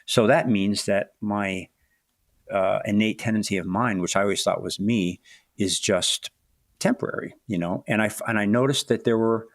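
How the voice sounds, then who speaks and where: A man in his sixties, a guest author in a podcast interview, speaking reflectively with halting restarts. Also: lowish voice, dry recording, studio quality. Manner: thoughtful, halting, many restarts and "you know"s.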